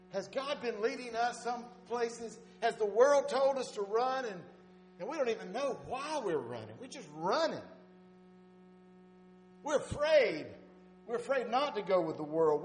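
A man preaching a sermon, telling folksy stories and swinging between loud urging and soft asides. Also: high voice. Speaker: pastor.

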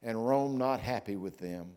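A middle-aged man preaching a sermon, telling stories and swinging from loud declarations to hushed asides. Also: mid-range voice, a little slow. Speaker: pastor.

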